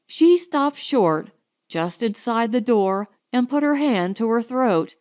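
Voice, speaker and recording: Slow, measured woman audiobook narrator. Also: a little high. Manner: measured, expressive.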